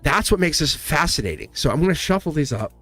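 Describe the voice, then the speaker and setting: A man's voice: fairly high pitch, sing-song, quick pace, fairly bright tone, soft background music. A man doing a live-stream tarot reading, talking casually to viewers and laughing often. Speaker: tarot reader.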